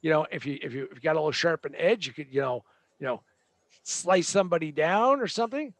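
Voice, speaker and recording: A man's voice: on the high side, animated, fast, dry recording. A man hosting a show, delivering a joking, sarcastic tech rant with a rambling manner. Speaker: host.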